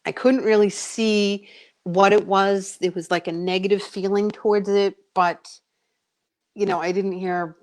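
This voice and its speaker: A middle-aged woman, a psychic medium, telling a long story on a radio interview in a chatty, animated way, with many fillers, acting out her own voice from back then. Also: medium pitch, measured pace. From United States.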